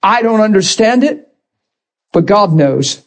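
A man's voice: sits high, lively intonation, takes it slowly. A man preaching a sermon, impassioned and rising to emphatic bursts.

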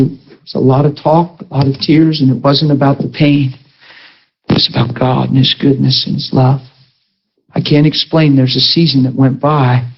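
A male pastor preaching a sermon, animated and emphatic, breaking into shouts, in a dull lo-fi recording. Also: medium pitch, breathy edge.

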